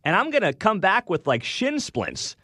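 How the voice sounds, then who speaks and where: A man's voice: sits high, huge pitch swings, normal speed, bright, forceful tone, slightly rough, no room sound. A young man hosting morning talk radio, chatty and sarcastic, speaking into a studio microphone. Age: young adult. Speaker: radio talk show host.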